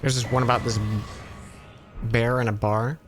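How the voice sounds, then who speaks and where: Over music, a male streamer works his way through a long joke in a casual live stream, cutting himself off and starting again as he rambles. His voice is mid-range with little pitch movement, and he speaks at a normal speed.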